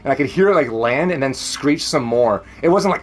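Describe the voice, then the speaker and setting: A man's voice: on the high side, lively intonation, fairly quick, hardly any pauses, faint music behind. Rambling Canadian man, laughing a lot. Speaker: streamer. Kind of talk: casual chat.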